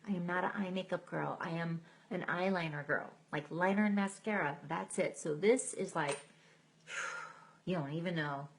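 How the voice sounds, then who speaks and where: A woman's voice: lowish voice, normal speed, vocal fry, few pauses, a little hiss or hum. A woman hosting a casual live chat, greeting viewers by name and laughing at herself. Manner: self-deprecating, laughs often. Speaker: live stream host.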